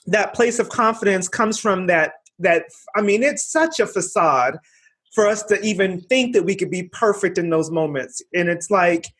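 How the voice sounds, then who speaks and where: A woman's voice: medium pitch, normal speed, slightly rough. A woman hosting a podcast interview, affirming and encouraging her guest, with frequent small laughs. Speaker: podcast host. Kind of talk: conversational interview.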